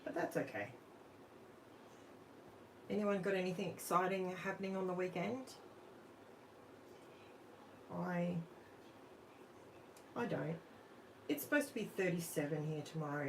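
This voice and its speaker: On a live crafting stream, an Australian woman chats casually from her home craft room, musing aloud as she works and quizzing viewers. Her voice is on the low side, a little slow, with long pauses. The recording is low quality, made off-mic at a distance with faint room noise.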